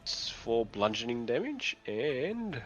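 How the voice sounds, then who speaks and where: A man's voice: mid-range voice, big pitch swings, slow, lo-fi sound, faint music behind. A man playing a tabletop game, thinking aloud and fumbling over his rules. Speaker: player. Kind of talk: casual tabletop game play.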